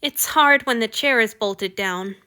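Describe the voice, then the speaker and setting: A woman voicing a nervous, clumsy young male servant who squeaks, apologizes and babbles in a high, strained voice. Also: measured pace, sharp tone, clean tone. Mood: flustered.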